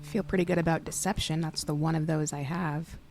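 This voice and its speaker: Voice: mid-range voice, steady tone, a little fast. A player in a tabletop game, talking in a playful, easygoing way.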